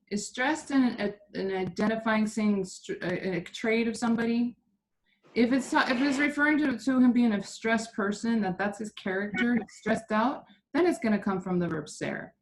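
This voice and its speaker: A woman's voice: a little high, lively intonation, moderate pace, a little hiss or hum. A woman teaching a Spanish class, patiently explaining grammar step by step.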